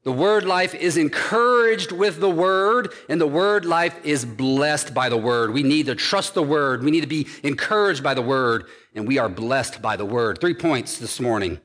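A man's voice: on the high side, lively intonation, moderate pace, few pauses, fairly bright tone, in a large hall. A man preaching a sermon as pastor, driving his points home with emphatic repeated phrases.

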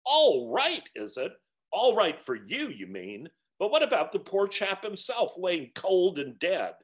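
A man's voice: mid-range voice, huge pitch swings, a little slow, fairly bright tone. A man putting on a blustering, aggrieved big ghost. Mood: indignant. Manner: indignant, aggrieved, raised and strained. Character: resentful blustering big male ghost, self-righteous.

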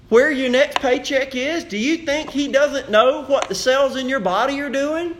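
A man preaching a sermon as pastor, with animated rhetorical questions. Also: very high-pitched.

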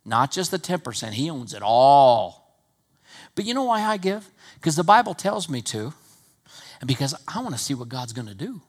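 A man preaching a sermon in a Wyoming accent, rising to loud emphatic peaks and then dropping to low, conversational asides. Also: sing-song, moderate pace. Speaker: pastor.

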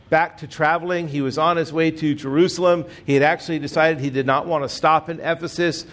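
A middle-aged man delivers a sermon as the congregation's pastor. His voice sits a bit higher than most men's. He talks in an easy, conversational way, with gentle self-deprecating humor.

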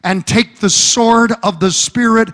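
Fervent high-voiced male preacher. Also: steady tone, unhurried, fairly bright tone, in a large hall. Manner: fervent, rhythmic, call-and-response preaching. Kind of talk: sermon.

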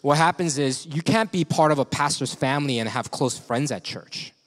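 Male pastor, conversational sermon, candid and self-deprecating with frequent chuckles, voice slightly higher than most men's. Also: a little fast. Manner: candid and confessional, chuckling often. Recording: long reverb of a large hall.

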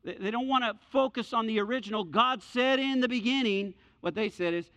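A man's voice: very high-pitched, brisk, hardly any pauses, pushed and bright. A middle-aged male pastor preaching a sermon, repeating key phrases and acting out the voices in his stories. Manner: acts out quoted voices in storytelling. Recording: dull lo-fi sound with hall reverb.

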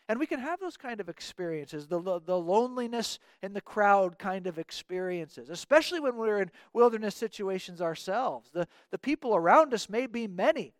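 A man's voice: high voice, no echo, clean studio sound. A man preaching a sermon in an earnest way, often doubling his words as he restarts a thought.

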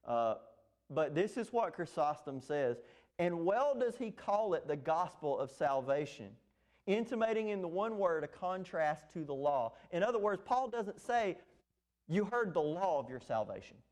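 Guy preaching a verse-by-verse sermon, kinda high voice, gets real emphatic. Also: big pitch swings, unhurried, a little mellow. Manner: earnest, emphatic, with fillers and restarts. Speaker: pastor. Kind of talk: expository sermon.

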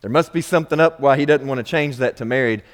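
A man's voice: medium pitch, quick pace. Man, pastor, conversational sermon, wry asides, long reverb in a church hall. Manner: conversational preaching, wry asides, acts out quoted questions. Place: church sanctuary.

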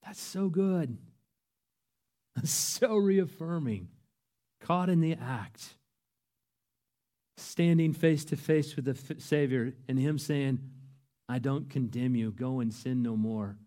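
A man preaching a sermon, earnest and emphatic, his voice rising to loud peaks. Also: mid-range voice, slow pace, long pauses. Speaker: pastor.

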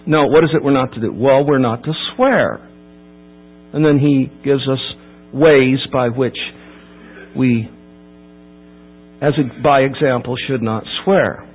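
A man preaching a sermon verse by verse, emphatic and building to loud peaks before dropping low. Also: a little slow, long pauses, slightly rough. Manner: emphatic, rising to near-shouting at key points. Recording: tinny phone-like line with mains hum.

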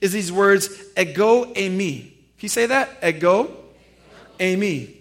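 A man preaching a sermon as pastor, animated and firing rhetorical questions at his congregation. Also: sits high, measured pace. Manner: addresses listeners familiarly.

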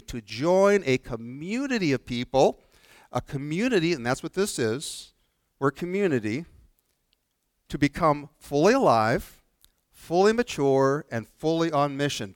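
A man's voice: medium pitch, no room sound, clean studio sound. A man preaching a sermon as pastor, earnest and repeating phrases for emphasis. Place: church sanctuary.

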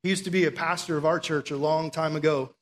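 A young man preaching a sermon in an animated, emphatic, conversational way. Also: a little high, fast.

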